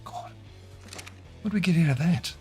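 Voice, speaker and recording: A man talks through his game on a live stream in a slightly high, easygoing voice. He chats with viewers and laughs readily between thoughts. Soft music plays quietly behind him. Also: lively intonation, normal speed. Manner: chatty, laughing, reads chat aloud while playing. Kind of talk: casual live-stream commentary.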